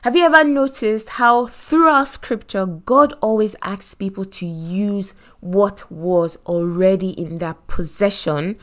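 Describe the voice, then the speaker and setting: A middle-aged woman from Nigeria with a Nigerian accent, telling a personal story in a motivational faith talk, animated, with many asides and repeated phrases. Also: medium pitch, slow pace, few pauses. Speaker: podcast host and Christian speaker.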